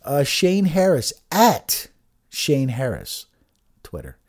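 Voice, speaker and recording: Brief: a man ranting about politics, swears a lot, animated swings, mellow tone. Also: medium pitch, takes it slowly. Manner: profane, agitated, with many restarts. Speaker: political commentator.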